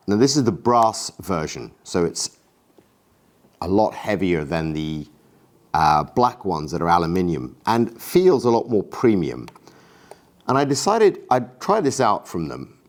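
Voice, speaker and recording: Guy chatting about gear, kinda low voice, excited and jokey about himself. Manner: enthusiastic, self-deprecating, chatty. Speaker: camera gear vlogger. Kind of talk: casual gear review vlog.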